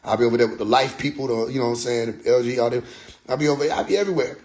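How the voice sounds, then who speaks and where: Racing along in a mid-range voice, a young podcast host casually tells a story, animated and profane, and now and then slips into other people's voices.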